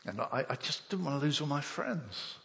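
An older man from England preaches and tells his own story, putting on the voices and thoughts of each person he quotes. His voice has a gravelly, creaky edge and a mid pitch. It rings with the long reverb of a large hall. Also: animated, moderate pace, a bit bright. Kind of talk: sermon with personal testimony.

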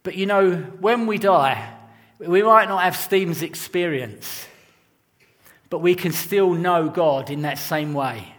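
A man's voice: high voice, slow, fairly bright tone, big-room sound. A man preaching a sermon in an earnest, conversational way, mixing scripture with personal stories. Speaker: pastor.

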